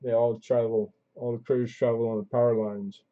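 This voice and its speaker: On a dull, lo-fi stream, a man with a mid-range voice and level tone talks a little fast. He hosts a coin auction livestream, rambling casually through fillers and restarts and calling last bids, and he comes from Southern California.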